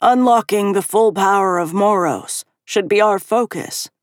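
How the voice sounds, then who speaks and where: Brief: a woman as a petulant young man, soft and insistent, slightly raised. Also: medium pitch, unhurried, dry recording, clean studio sound, natural voice. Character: young petulant male ancient.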